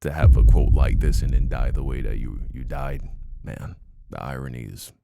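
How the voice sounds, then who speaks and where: A man's voice: rumbling low, gravelly, mellow. A man streaming reactions to news clips, breaking in with short exclamations and casual commentary. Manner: reacts aloud, quick exclamations between clips.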